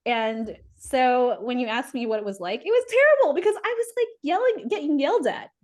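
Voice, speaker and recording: A woman in her forties, a podcast guest, telling stories in a casual, animated way and laughing often. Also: high-pitched, fairly quick. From United States. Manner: animated, laughs often, acts out quoted voices. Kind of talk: casual storytelling.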